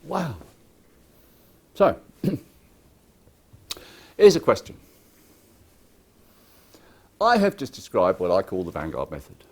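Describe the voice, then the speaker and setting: A man giving a lively, irreverent conference talk, joking with the audience and acting out what clients say. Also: lowish voice, slow, long pauses, breathy edge. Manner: acts out clients' lines in quoted voices. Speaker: conference speaker. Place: conference hall.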